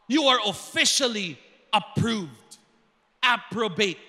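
A man preaching a sermon in a large church hall, animated, breaking into shouted calls to the congregation. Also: high-pitched, slow. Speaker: pastor. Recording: long reverb of a big church hall.

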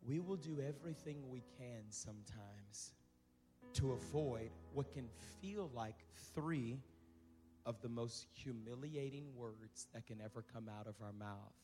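A man's voice: mid-range voice, a little slow, warm tone. A male pastor delivering a sermon in a conversational way, repeating phrases for emphasis. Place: church sanctuary. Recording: reverberant hall with music behind.

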